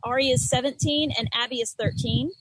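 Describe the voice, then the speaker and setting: A woman's voice: sits high, fairly even intonation, fairly quick, slightly rough, dry recording, rough recording. A woman guest on a podcast, chatting in a casual, self-deprecating way with frequent fillers. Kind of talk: casual interview conversation.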